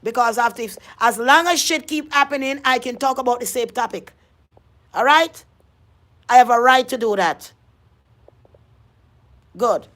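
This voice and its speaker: A woman's voice: a little high, measured pace, pauses often, a bit bright. An adult woman, ranting in a vlog monologue, emphatic and confrontational, often repeating herself. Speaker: vlogger.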